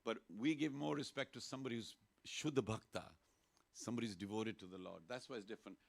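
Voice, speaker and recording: A man gives a casual sermon in a temple hall, with a gravelly edge to his voice. He keeps it playful and lively and draws the listeners into call-and-response chanting. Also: medium pitch, fast talker. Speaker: temple speaker. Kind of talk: informal sermon to a congregation.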